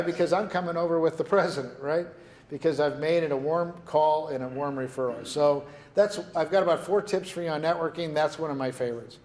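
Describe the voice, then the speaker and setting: A man giving a business workshop talk to a live audience, telling lively stories and asking the room questions. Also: on the high side, a little fast. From New Mexico. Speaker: workshop presenter. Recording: echoey meeting room.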